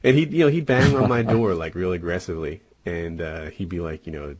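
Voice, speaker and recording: Podcast co-host, male, low-pitched and a little rough, casual storyteller with lots of fillers. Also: animated, brisk, few pauses, darkish tone. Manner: rambling, many "and, uh" fillers.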